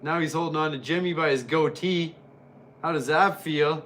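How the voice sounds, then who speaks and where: A man chatting through an old wrestling event, rambling, joking and getting excited. His voice is bright and a little high, with faint noise in the background. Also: moderate pace. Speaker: wrestling reviewer. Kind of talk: casual watch-along commentary.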